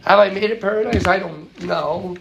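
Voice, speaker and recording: Gravelly male priest, halting speech. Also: high voice, muffled recording. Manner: halting, many fillers and restarts. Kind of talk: interview conversation. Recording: noticeable background noise.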